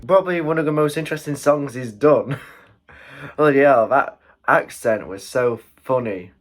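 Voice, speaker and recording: A man with a British accent hosting a casual music reaction and exclaiming often as he listens. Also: medium pitch. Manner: excitable, quick exclamations and chuckles. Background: faint music playing.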